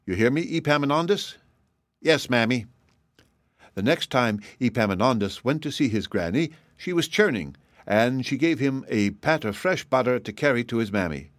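A man's voice: mid-range voice, no room sound, clean studio sound. Man reading a children's story aloud. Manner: measured, expressive storytelling. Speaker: storybook reader. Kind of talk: scripted storybook narration.

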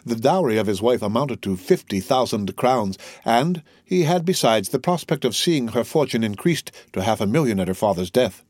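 A man narrating a classic novel as an audiobook in a steady, measured reading. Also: medium pitch, dry recording, clean studio sound.

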